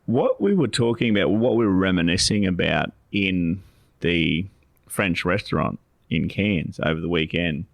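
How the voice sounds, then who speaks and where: A man in his forties talks casually on a podcast, his voice low with a gravelly edge. He rambles, circling back and restarting his sentences. The sound is close and dry. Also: lively intonation, moderate pace, hardly any pauses, dry recording. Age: 40s. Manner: rambling, many restarts and fillers. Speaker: co-host, financial adviser.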